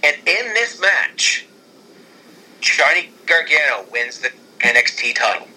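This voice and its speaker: A man in casual chat, excitedly rambling through an imagined storyline with many restarts. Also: a little high, measured pace, husky, poor audio. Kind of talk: casual fantasy-booking chat.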